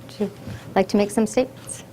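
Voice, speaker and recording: A woman's voice: mid-range voice, steady tone, brisk, warm tone, slight background noise. A woman hosting a think-tank event, giving earnest, formal welcoming remarks from prepared words. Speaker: event host.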